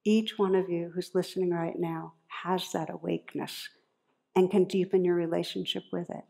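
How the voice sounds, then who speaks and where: A woman meditation teacher giving a dharma talk in a gentle, unhurried, reflective way, leading into a guided practice. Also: on the low side, little pitch movement, vocal fry.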